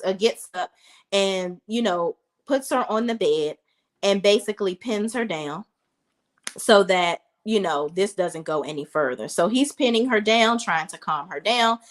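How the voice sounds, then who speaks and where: A woman hosting a casual recap vlog, chatty and animated, talking straight to her viewers. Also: mid-range voice, a little slow. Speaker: reality TV reviewer.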